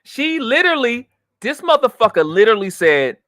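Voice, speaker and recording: A man's voice: big pitch swings, brisk, dry recording, studio quality. Profane, fired-up man ranting on a livestream. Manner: profane, swings from low muttering to loud outbursts. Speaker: livestream host. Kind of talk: heated livestream rant.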